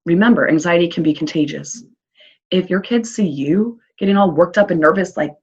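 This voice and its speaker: Husky, upbeat social worker woman. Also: fairly low pitch, fairly quick. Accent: Midwestern American. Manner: upbeat, encouraging, chatty with fillers. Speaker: early childhood social worker. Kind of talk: recorded presentation for parents. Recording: dull lo-fi recording.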